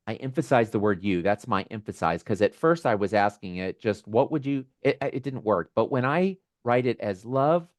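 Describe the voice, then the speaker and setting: A man hosting a community video call, talking in a gentle, musing way with small laughs and restarts. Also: lowish voice, dry recording, studio quality. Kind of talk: reflective casual talk.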